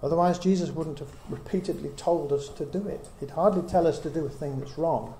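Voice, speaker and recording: His voice is fairly high and mellow, and he moves at a brisk clip. The middle-aged man is giving a small group an earnest Bible lesson, thinking aloud through plenty of rhetorical questions, recorded in an echoing space with light hiss.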